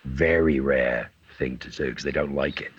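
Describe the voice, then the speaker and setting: A man, an actor being interviewed, telling animated stories and acting out what people said. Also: rumbling low, normal speed, breathy edge, highs cut off. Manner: animated, acts out quotes in voices. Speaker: actor guest. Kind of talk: casual interview storytelling.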